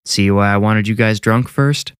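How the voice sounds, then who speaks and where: A man's voice: lowish voice, normal speed, clear, resonant tone, no room sound, clean studio sound, lightly acted. A man voicing a mischievous young prankster who teases and coaxes his friends in a story reading. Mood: teasing. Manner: playful, teasing, coaxing.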